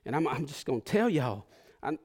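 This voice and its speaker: A man preaching a sermon in an emotional, conversational way, moving from hushed confession to fervent pleas. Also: mid-range voice, sing-song, brisk. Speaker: pastor.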